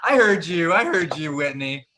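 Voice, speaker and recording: Male comedian guest, lively animated delivery, crude self-mocking jokes. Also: on the high side, moderate pace, slight background noise. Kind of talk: stand-up bits on a live show.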